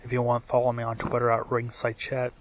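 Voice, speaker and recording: Completely flat and a little fast, a medium-pitched wrestling vlogger delivers a rambling, profane monologue stuffed with fillers and restarts. He describes his own voice as bad, and the audio sounds dull.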